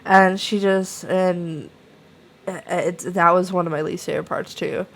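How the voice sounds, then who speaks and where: Casual low-voiced woman book reviewer. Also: fairly even intonation, unhurried. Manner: rambling, many fillers and restarts.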